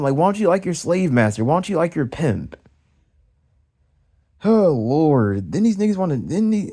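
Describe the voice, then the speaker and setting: A young man ranting heatedly in a casual vlog, swearing often and repeating himself as he vents. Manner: profane, heated, repetitive ranting; swings high and loud when mimicking others. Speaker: vlogger ranting. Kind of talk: casual rant.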